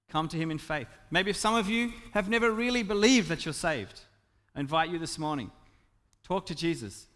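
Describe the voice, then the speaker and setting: Impassioned preacher man in a reverberant hall. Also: sits high. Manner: impassioned, swings from loud emphasis to soft intimate tones. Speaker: pastor. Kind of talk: sermon.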